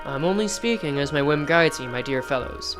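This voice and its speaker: Eccentric theatrical swordsman, archaic speech, lowish lively voice, woman reading. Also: fairly quick, over music. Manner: archaic, flowery phrasing. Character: florid eccentric male swordsman, theatrical and aloof.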